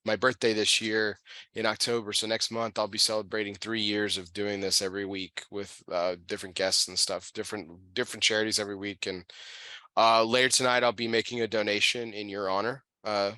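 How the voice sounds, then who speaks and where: A man with a bright, forceful, lowish voice hosts a relaxed chat show. He rambles with lots of "uh" and restarted phrases. The sound is dry and close. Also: dry recording. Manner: halting, many fillers and restarts. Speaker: podcast host. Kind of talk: casual chat.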